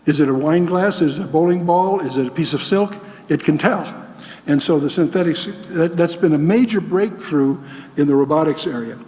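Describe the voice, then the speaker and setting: An older man lectures on scripture to an audience in a folksy, questioning way, slipping in dry asides. His voice sits a little high for a man. The sound trails off into the long reverb of a large hall. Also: normal speed, dark tone. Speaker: Bible teacher.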